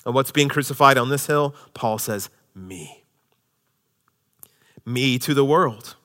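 A male pastor preaching a sermon, swinging from loud, emphatic lines to hushed, near-whispered ones. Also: mid-range voice, takes it slowly.

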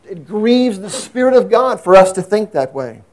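A man preaching a sermon in an earnest way, swinging from emphatic raised passages to low, quiet asides. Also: very animated, normal speed. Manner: earnest, rises to emphatic high peaks then drops low and quiet.

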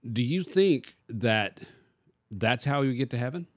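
A man's voice: medium pitch, animated, a little slow, no room sound, clean studio sound. A man, a pastor, teaching casually in a discussion and posing rhetorical questions to his listener.

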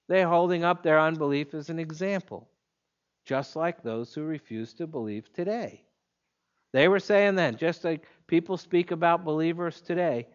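A man preaching an expository sermon in a measured, emphatic way, leaning on pointed pauses. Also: fairly high pitch, highs cut off.

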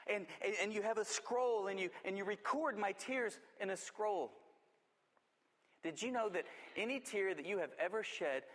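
A man preaches from the pulpit in a somewhat high voice. He presses hard on some phrases and sinks to quiet, slowed words on others. His voice carries a long reverb from a large hall. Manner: swings between urgent emphasis and hushed, drawn-out delivery. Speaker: pastor. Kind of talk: sermon.

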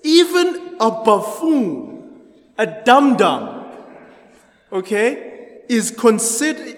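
A man's voice: extremely high pitch, big pitch swings, slow, long pauses. A man leading an interactive Bible study, chatty, laughing often and quizzing the group. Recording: echoey hall.

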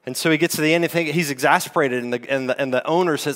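A man's voice: on the high side, fast, a bit bright. A man preaching a sermon as lead pastor, teaching in a conversational way with rhetorical questions. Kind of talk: expository sermon. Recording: long hall reverb.

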